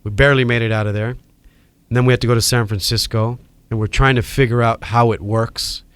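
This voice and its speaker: A middle-aged man from Hawaii with a Hawaiian accent, telling animated stories as a podcast guest. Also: medium pitch, brisk, smooth, no echo. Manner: animated storyteller acting out quoted voices. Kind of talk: storytelling in a podcast interview.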